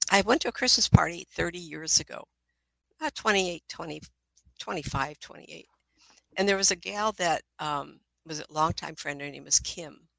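Animated middle-aged woman psychic telling stories. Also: low voice, unhurried, gravelly, long pauses, dry recording, poor audio. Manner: animated, laughing often, drifting into asides. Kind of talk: storytelling talk.

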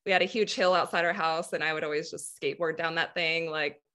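A woman guest telling stories about her childhood in a relaxed casual interview, laughing often. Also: low voice, quick pace. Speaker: guest athlete.

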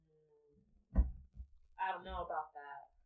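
A woman's voice: on the low side, fairly even intonation, slow, distant mic, narrow, tinny audio, voice pushed down. A woman voicing a pushy male half-orc ranger who flirts and taunts. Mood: leering. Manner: brash, taunting.

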